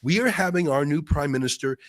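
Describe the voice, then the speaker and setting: A man from Canada, a guest commentator, explaining politics in a rapid, insistent way. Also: a little high, dry recording.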